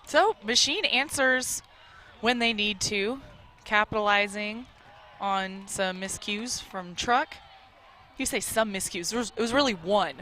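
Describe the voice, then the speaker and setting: A female color commentator with a bright, clear voice, offering upbeat, agreeable analysis of the play. Faint outdoor noise sits behind her live broadcast. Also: mid-range voice, a little slow.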